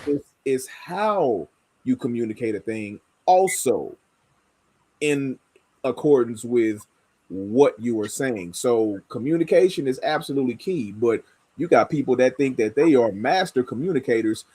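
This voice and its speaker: A man in casual group conversation, talking slowly and emphatically and demonstrating points by changing his tone. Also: mid-range voice, expressive, mellow, breathy edge, dry recording. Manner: slow, emphatic, explains by demonstrating tone.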